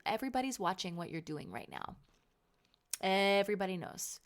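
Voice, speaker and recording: A woman's voice: medium pitch, very animated, normal speed. A woman in her thirties hosting a casual solo podcast, chatty and emphatic, sounding sleepy and tired. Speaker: podcast host and author.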